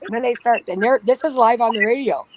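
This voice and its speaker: A woman's voice: fairly high pitch, fast, poor audio. A woman telling a story in casual talk at home, blunt and swearing freely, often giggling. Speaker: panel guest. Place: at home with pets nearby. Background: dog snoring.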